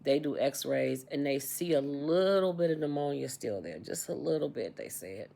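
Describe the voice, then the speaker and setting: A sixty-something woman from the United States vlogs casually about something that happened to her, going over it repeatedly and voicing the dialogue with animation. Her pitch is extremely low, with vocal fry, at a moderate pace.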